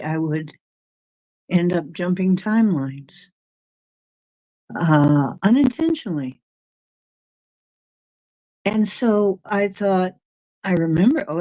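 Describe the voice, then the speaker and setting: Over poor, echo-free audio, a middle-aged woman with a deep, darkish voice runs a casual livestream. She wanders between topics and responds to chat messages as they come in.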